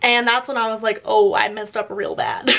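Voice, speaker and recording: A young woman in her twenties telling a story casually, animated, laughing often, with many filler words. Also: on the high side, normal speed, gravelly. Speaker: YouTuber.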